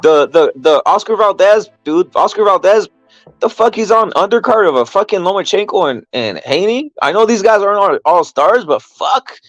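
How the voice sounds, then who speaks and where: A man's voice: high voice, animated, moderate pace, dry recording, dull audio, faint music behind. A man in casual boxing chat, profane, rambling and emphatic.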